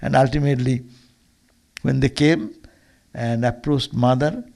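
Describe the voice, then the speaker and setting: Gravelly-voiced monk telling a sermon story. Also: male voice, medium pitch, fairly even intonation, measured pace, a little mellow. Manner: earnest, with frequent restarts and repeated words. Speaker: monk giving a Sunday lecture.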